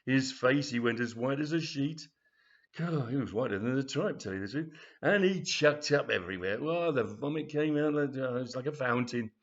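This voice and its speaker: A man's voice: medium pitch, normal speed. Guy rambling through his funny story, lo-fi sound. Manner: rambling, chatty, many restarts. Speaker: author. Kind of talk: reading his own comic story. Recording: dull lo-fi recording.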